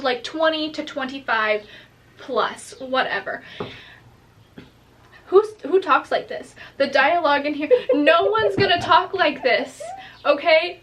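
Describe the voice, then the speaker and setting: High bright woman ranting about a book. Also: a little hiss or hum. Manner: exasperated ranting, mocking quoted characters. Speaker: book vlogger co-host. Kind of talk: casual book review chat.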